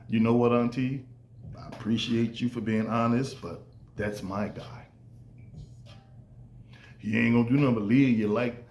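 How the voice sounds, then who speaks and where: A man talks through a casual podcast monologue, lively and animated, leaping into higher voices when he quotes people. His middle-pitched voice sounds roomy and echoey, with a faint hum of ambience behind it. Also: moderate pace. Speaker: podcast host.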